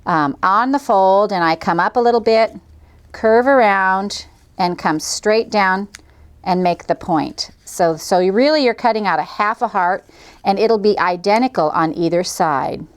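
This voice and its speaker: A woman's voice: medium pitch, a little slow. Woman, middle-aged, cheerful, chatty, folksy, craft tutorial host. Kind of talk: friendly craft demonstration.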